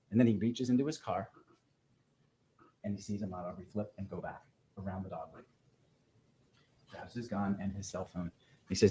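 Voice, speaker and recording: A man, a defense attorney, giving an opening statement in court and walking through events step by step in a measured way. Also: fairly low pitch, steady tone, a little mellow, husky, poor audio. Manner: measured, methodical walkthrough of events.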